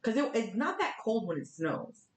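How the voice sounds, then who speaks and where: A young woman from Florida, a podcast guest telling stories in casual chat, candid and animated, swearing now and then. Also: fairly high pitch, moderate pace. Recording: echoey room.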